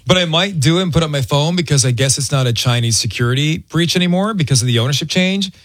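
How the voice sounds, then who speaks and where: A man's voice: on the high side, quick pace, a bit bright, no echo, clean studio sound. A man hosting a morning radio show, chatting casually and playfully and running a quiz game.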